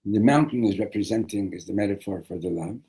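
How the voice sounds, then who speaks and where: A man teaching a classroom lesson on a religious text, animated, often restarting and repeating words. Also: lowish voice, quick pace, breathy edge, poor audio.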